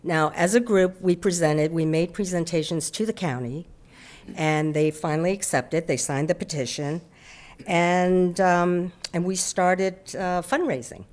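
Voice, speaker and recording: A woman's voice: fairly low pitch, fairly even intonation, darkish tone. Insistent woman speaking at public comment. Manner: insistent, with halting restarts. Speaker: public commenter at a city council meeting.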